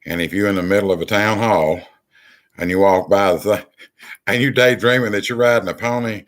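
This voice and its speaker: Deep, low-pitched male host; exasperated, rambling commentary delivery. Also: fairly even intonation, a little fast. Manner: rambling, many ums and restarts, exasperated. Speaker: channel host. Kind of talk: political commentary monologue.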